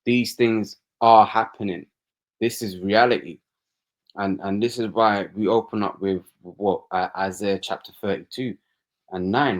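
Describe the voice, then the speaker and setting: A man's voice: lowish voice, fairly even intonation, a little slow. A man co-hosting a religious discussion, reading scripture aloud in a preachy way and tossing in "you know" and "man".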